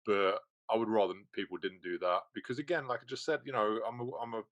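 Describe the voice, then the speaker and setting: Hesitant English martial arts teacher. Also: male voice, lowish voice, fast, fairly bright tone, no room sound, muffled recording. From England. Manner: hesitant, restarts often. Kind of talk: casual chat.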